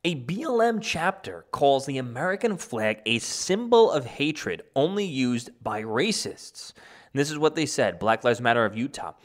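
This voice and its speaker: A man's voice: mid-range voice, big pitch swings, normal speed. A man giving opinion commentary in a sarcastic, rambling way, chuckling often. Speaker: political commentator.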